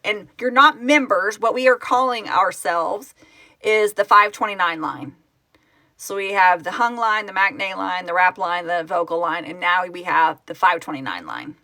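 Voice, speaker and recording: A woman's voice: medium pitch, bright, forceful tone, no room sound. A middle-aged woman chatting casually on a live stream as founder of a fan project, emotional and tearful as she reads out where viewers are from. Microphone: phone.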